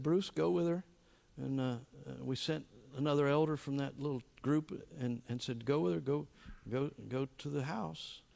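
A man preaching a sermon, telling a story with animated emphasis and halting restarts. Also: mid-range voice, vocal fry. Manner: halting restarts and repeated words. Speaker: pastor.

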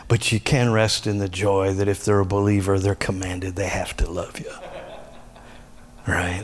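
Middle-aged man preaching with animated emphasis. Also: moderate pace. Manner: animated preaching with emphatic high pitched bursts and quieter asides. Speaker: pastor. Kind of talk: sermon.

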